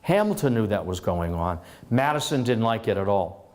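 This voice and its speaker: A middle-aged man giving a lively history lecture, telling it as a story and stopping to repeat himself and restart. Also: fairly low pitch, moderate pace. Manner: lively storytelling, acts out historical figures in dialogue; restarts and repeats words often.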